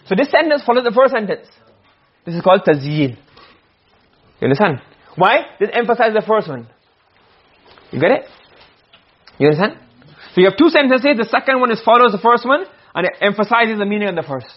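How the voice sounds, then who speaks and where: Fast-talking guy teaching a class, keeps asking "you understand?", dull lo-fi recording. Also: high voice, big pitch swings, husky. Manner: switches between Arabic text and English explanation. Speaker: teacher of Arabic rhetoric. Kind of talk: classroom lecture.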